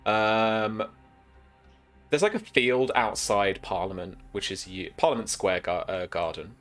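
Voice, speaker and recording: A man's voice: on the low side, measured pace, a bit bright, faint music behind. British man running a tabletop game. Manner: rambling, laughing, many restarts and fillers. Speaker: game master.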